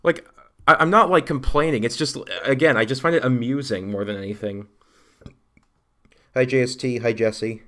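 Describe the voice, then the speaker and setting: A man's voice: mid-range voice, moderate pace, pauses often, fairly bright tone. Rambling male game streamer. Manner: rambling, trailing off, muttering. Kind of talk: casual let's play commentary.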